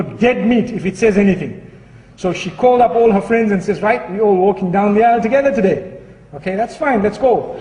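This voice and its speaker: A male preacher tells a funny story in the middle of a sermon, chatty and lively, with a fairly high voice. He is heard from a distance in a large hall with a long reverb and a faint background hum. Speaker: Muslim preacher. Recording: echoey hall, distant mic.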